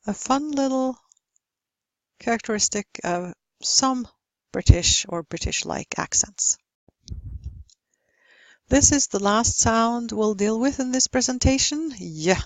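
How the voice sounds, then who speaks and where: A woman giving a recorded slide lecture on pronunciation, explaining calmly and modelling example words one at a time. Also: on the high side, measured pace, no echo.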